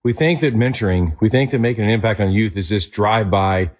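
Raspy male host, earnest and animated, interview setting. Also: lowish voice, brisk. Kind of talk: talk show interview.

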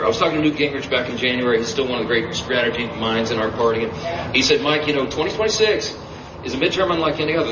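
A man's voice: medium pitch, very animated, fast talker. Emphatic man giving a rousing campaign speech. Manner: emphatic, rousing, rhetorical questions to the crowd. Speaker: politician speaking at a campaign event. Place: campaign event. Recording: roomy, distant, muffled event audio with noise.

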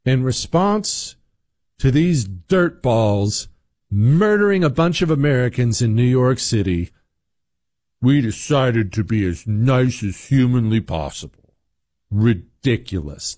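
A man's voice: fairly low pitch, darkish tone, no room sound. Sarcastic 40s guy ranting on his show, voice swings up and down, dry studio sound. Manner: sarcastic, emphatic, mocking. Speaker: talk show host. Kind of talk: opinion commentary.

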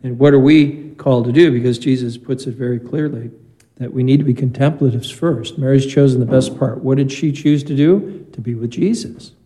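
In a church or chapel, a priest reads the Gospel and then gives a conversational homily, weaving in anecdotes. His medium-pitched voice is warm and steady at a normal speed, though the audio quality is poor.

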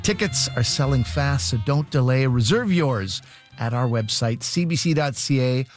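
A man's voice: mid-range voice, lively intonation, normal speed. Upbeat male radio host over music. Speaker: radio comedy show host. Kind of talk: scripted radio hosting.

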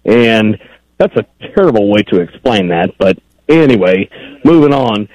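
A man's voice: fairly low pitch, animated, normal speed, darkish tone, no room sound. A man calling in to a radio show, rambling and pressing the host on a point. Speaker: caller. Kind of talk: phone-in call. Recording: dull lo-fi phone line.

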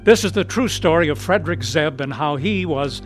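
A man announcing and narrating a radio drama in a measured, earnest way. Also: a little high, expressive, soft background music.

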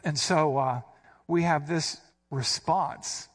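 A man's voice: fairly high pitch, takes it slowly. A man preaching a sermon, explaining scripture verse by verse with emphatic stresses. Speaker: pastor.

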